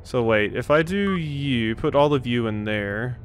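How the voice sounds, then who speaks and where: A man's voice: medium pitch, animated, measured pace. A man hosting a let's play, thinking aloud through a puzzle and poking fun at himself. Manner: self-deprecating, thinks aloud. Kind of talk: gaming commentary.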